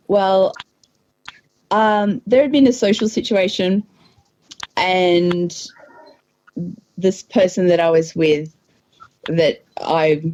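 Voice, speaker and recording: Woman guest, hesitant storyteller; lowish warm voice on a dull, slightly hissy line. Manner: hesitant, many ums. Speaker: podcast guest. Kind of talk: personal story in casual talk.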